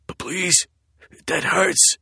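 A narrator voices a terrified night-shift worker, his voice jumping high and strained as he begs. It sounds close and dry. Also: drawn-out words, gravelly, pushed and bright, husky, no room sound, exaggerated voice. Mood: pleading. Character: terrified male control room worker.

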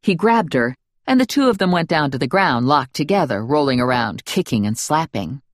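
Low, lively woman reading first-person fiction, wry and playful, dry close studio sound. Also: moderate pace, no room sound. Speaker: audiobook narrator. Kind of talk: first-person audiobook narration.

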